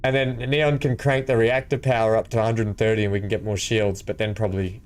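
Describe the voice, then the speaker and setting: A man streaming a multiplayer game from home, excitable and chuckling as he plays and chats. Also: on the low side, fast talker. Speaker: gaming streamer. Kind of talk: casual multiplayer gameplay chat. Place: home room.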